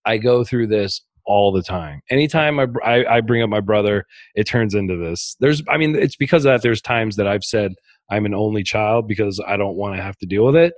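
Here a man with a voice on the low side talks briskly, and there's no room sound. Chatting casually as a podcast guest, he rambles through dark, funny stories, often restarting and leaning on fillers.

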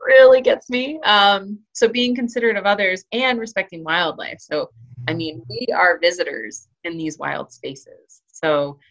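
A woman's voice: mid-range voice, fairly even intonation, a little slow, fairly bright tone. A woman talking casually in an interview about hiking and trail running, chatty, with many fillers and restarts. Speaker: interview guest, hiker and trail runner.

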